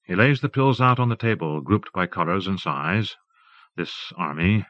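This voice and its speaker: Man, audiobook narrator, measured reading, dull lo-fi tape, dry close sound. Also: low voice, expressive, a bit bright, dry recording. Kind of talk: scripted narration.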